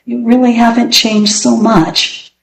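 A woman voicing a sad, gentle young boy with a soft, sorrowful manner, in a storybook reading. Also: on the high side, steady tone, a little slow, creaky, far from the mic, slight background noise, voice pushed up. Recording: roomy echo.

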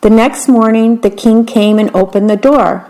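A woman reading a children's story aloud, gentle and unhurried, adding her own asides. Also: a little high, poor audio.

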